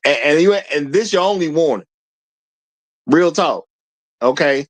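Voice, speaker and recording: A man's voice: fairly high pitch, expressive, unhurried, pauses often. A man hosting a livestream, talking bluntly and lecturing his chat in casual commentary. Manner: blunt, preachy, talks straight to the chat. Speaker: livestream host.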